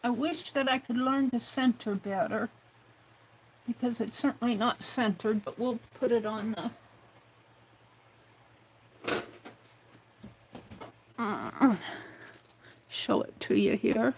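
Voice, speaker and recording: On a rough recording with a bit of hiss or hum, a woman with a slightly high voice hosts a craft livestream. She muses aloud unhurriedly as she works with her hands, now and then talking to herself in the third person, in a casual demonstration.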